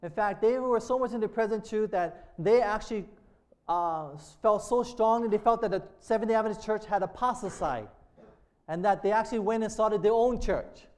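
A male pastor preaching a sermon in a call-and-response manner, often checking in with "amen?" and slowing down to read quotations aloud. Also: high voice. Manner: slows and lifts voice reading quotations aloud.

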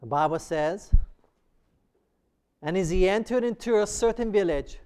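A man with a strikingly high voice delivers a sermon. He preaches emphatically, pressing his listeners with questions. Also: animated, measured pace, a little mellow, smooth. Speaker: pastor.

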